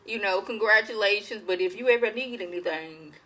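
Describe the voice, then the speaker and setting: Woman putting on a candid protective noblewoman, confiding, bright forceful voice. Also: medium pitch, brisk, close to an everyday voice, rough recording. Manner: frank and confiding.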